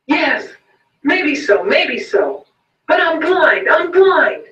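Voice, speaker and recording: Bitter blind beggar figure read aloud by a man, high whining voice, roomy muffled distant sound. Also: unhurried, fairly bright tone. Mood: frantic. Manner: whining, pleading, rising to frantic cries. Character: bitter blind male peddler, begging, self-pitying.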